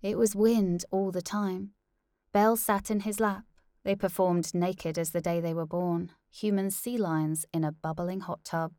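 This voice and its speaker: A woman narrating a novel aloud in a measured, deliberate way. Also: fairly low pitch, fairly even intonation, dark tone, no room sound, clean studio sound.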